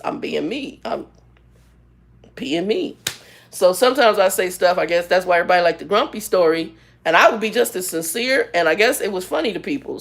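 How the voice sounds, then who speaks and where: A woman in her fifties chatting casually on her vlog, telling stories with a sarcastic, animated manner. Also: lowish voice, gravelly. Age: 50s. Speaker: vlogger and ministry leader. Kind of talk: casual chat, storytelling.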